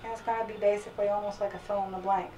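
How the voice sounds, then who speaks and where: Flat-voiced woman quizzing guests. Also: mid-range voice, very fast, far from the mic, slight background noise. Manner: directing the guests. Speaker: interviewer. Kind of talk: interview questions. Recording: echoey room from afar.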